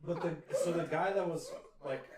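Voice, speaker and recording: A man's voice: fairly high pitch, moderate pace, far from the mic, a crowd in the background. A man in casual chat, asking wry questions. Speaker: podcast co-host. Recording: echoey room, away from mic.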